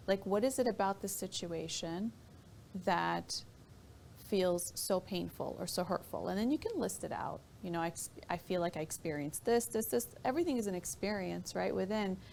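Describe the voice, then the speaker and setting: A woman guest on a radio talk show, explaining her ideas thoughtfully and pausing to find her words. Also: medium pitch, vocal fry, darkish tone, slight background noise. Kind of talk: reflective talk radio discussion.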